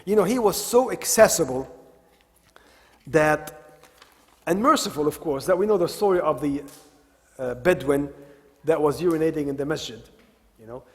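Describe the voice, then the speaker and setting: A man's voice: fairly high pitch, moderate pace, pauses often. Man telling stories in a reverberant hall. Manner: retells stories, repeats key phrases, mixes in Arabic devotional expressions. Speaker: religious lecturer. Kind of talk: religious talk with storytelling. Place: Islamic center hall.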